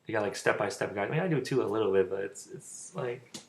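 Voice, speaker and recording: A young man talks in a loose, rambling way, and his speech stalls and repeats with a stutter. His voice is gravelly with plenty of fry. He sounds informal and offhand, like a casual vlogger giving advice. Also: on the low side, fast, slight background noise.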